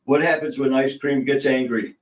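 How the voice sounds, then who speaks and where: A man co-hosting a casual livestream, rambling warmly between corny jokes and shout-outs to viewers. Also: mid-range voice, steady tone, moderate pace, echoey room, distant mic, low-quality recording. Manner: rambling, joke-telling, laughs easily. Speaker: livestream co-host.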